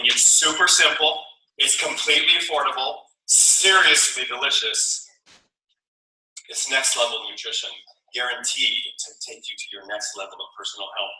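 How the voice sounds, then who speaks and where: A man giving an energetic, persuasive motivational speech at a sales event, repeating his key phrases to a roomful of people. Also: on the high side. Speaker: speaker at a company sales event. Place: large room with an audience. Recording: echoey hall, mic from far off.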